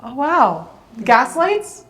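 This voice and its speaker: A woman's voice: high voice, big pitch swings, drawn-out words, a bit bright. A woman guest speaker chatting with the audience in a casual Q&A after her talk, upbeat and encouraging. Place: town meeting hall. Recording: echoey hall.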